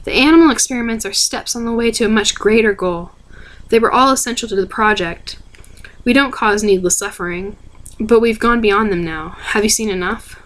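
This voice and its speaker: A woman voicing a tight-lipped, contemptuous male scientist in a soft ASMR book reading. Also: medium pitch, brisk, close to an everyday voice. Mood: cold.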